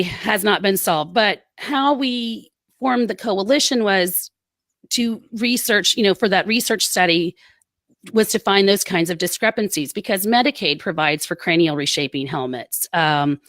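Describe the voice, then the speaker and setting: A woman, a military spouse telling her story in a podcast interview, earnest and quick with asides. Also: on the low side, fairly bright tone, no echo. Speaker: guest, military spouse advocate.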